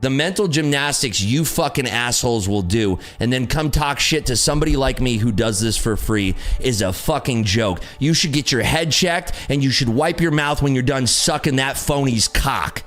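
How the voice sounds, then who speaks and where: A man's voice: mid-range voice, lively intonation, moderate pace, few pauses, a bit bright, soft background music. A man hosting a trading livestream, ranting in a brash, profane, taunting way. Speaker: livestream host and day trader. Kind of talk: casual livestream rant.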